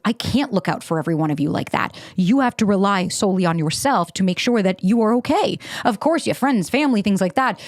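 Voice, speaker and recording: A woman's voice: mid-range voice, dry recording, clean studio sound. A woman hosting her own podcast, giving candid advice in a casual solo monologue, blunt and swearing freely. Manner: acts out her own past thoughts in quick asides. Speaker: podcast host.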